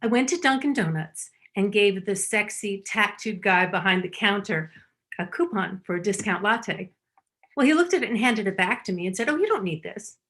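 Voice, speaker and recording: A woman's voice: mid-range voice, expressive, moderate pace, a bit bright. A middle-aged woman doing stand-up, telling wry, self-deprecating stories. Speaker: stand-up comic. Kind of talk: stand-up comedy.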